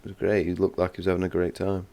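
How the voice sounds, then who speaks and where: A man's voice: low-pitched, completely flat delivery, very fast, warm tone, no room sound. A young man co-hosting a casual TV review chat, joking and teasing his friend. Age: young adult. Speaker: co-host reviewing a TV series.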